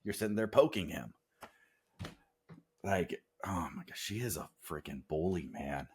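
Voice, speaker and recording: A man co-hosting a podcast, telling family stories in casual chat with animated, self-deprecating humor. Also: deep voice, unhurried, slightly rough. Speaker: podcast co-host.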